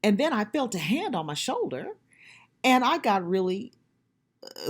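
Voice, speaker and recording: A woman's voice: mid-range voice, sing-song, measured pace, long pauses, breathy edge. Earnest middle-aged woman giving testimony. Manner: earnest and emphatic, preaching to listeners. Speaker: speaker giving a personal testimony. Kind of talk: faith testimony talk.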